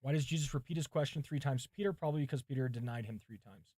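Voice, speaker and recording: With a warm, medium-pitched voice, a male pastor speeds through commentaries aloud during a livestream of his sermon prep, thinking aloud and talking with viewers. His microphone is positioned far from him, yet the recording is dry and studio quality.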